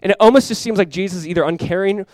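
A man preaching a sermon as pastor, animated, acting out biblical voices and swinging between loud bursts and hushed lines. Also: sits high, very fast, no room sound.

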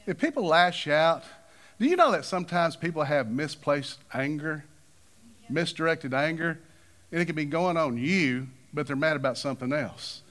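A man preaches a sermon. He talks in a high register and his pitch leaps around as he acts out the people in his stories. His phrasing has a drawling turn. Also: normal speed. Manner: animated, acts out quoted figures with big pitch swings.

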